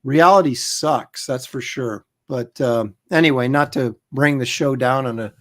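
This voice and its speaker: A middle-aged man in casual livestream chat, relaxed and talkative, co-hosting a show and reading viewer comments aloud. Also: mid-range voice, measured pace. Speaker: comic artist and show co-host.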